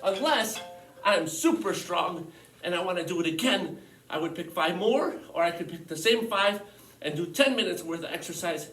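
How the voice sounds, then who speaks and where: High-voiced gym teacher, a bit winded, talking from across a roomy echoey space. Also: male voice, expressive, moderate pace, fairly bright tone, faint music behind. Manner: upbeat, encouraging, demonstrating exercises while talking. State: a little out of breath. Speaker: physical education teacher. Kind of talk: casual online lesson. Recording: echoey room, mic at a distance.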